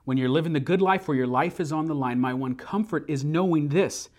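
A man preaching a sermon, earnest and building to emphatic repeated phrases, slowing down to recite a creed. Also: on the high side, a little mellow. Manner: slows down to recite a memorized creed. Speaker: pastor.

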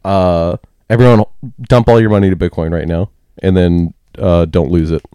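A man's voice: deep voice, fairly even intonation, moderate pace, mellow, clear, resonant tone, no echo, clean studio sound. A man co-hosting a podcast, ranting bluntly and profanely in a casual segment. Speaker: podcast co-host with a crypto segment.

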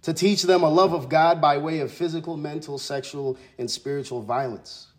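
A man's voice: on the high side, fairly even intonation, moderate pace. A man preaching a sermon in a church, congested from allergies, reflective and questioning, with frequent restarts. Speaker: pastor. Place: church sanctuary.

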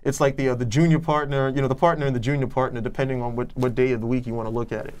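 A man's voice: medium pitch, little pitch movement, racing, a little mellow. A man on a podcast, chatting casually about films in a rambling way with many restarts. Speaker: podcast co-host. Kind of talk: casual film review chat.

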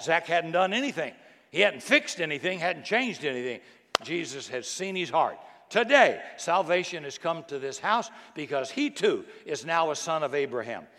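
A man preaching a sermon in a folksy, animated way, dropping to hushed tones and bursting out loud. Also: fairly high pitch. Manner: folksy, animated storytelling with sudden loud outbursts and soft hushed passages. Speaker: pastor. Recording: long reverb from a big hall.

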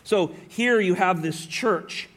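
A man's voice: high-pitched, takes it slowly, a bit bright. A male pastor preaching a sermon, emphatic, often asking his listeners rhetorical questions.

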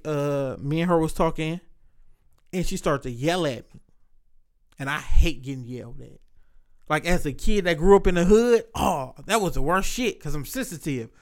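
A man's voice: a little high, animated, normal speed. A man hosting a podcast, telling personal stories in a candid, profane, reflective way. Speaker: podcast host. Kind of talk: casual podcast chat.

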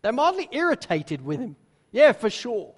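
A man preaching a sermon, now and then acting out the disciples' words in quick little voices. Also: very high-pitched, wildly swooping pitch, husky. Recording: long hall reverb.

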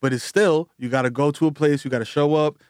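Fast-talking high-voiced podcast co-host man. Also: steady tone, clean tone, no room sound, studio quality. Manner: fast, profane, hyping up his co-host. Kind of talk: casual chat.

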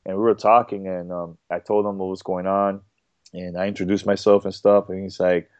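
Halting, low-voiced man telling a story. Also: level tone, a little mellow, no echo. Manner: halting, repeats words, many fillers. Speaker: podcast guest. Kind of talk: casual interview chat. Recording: dull dry podcast audio.

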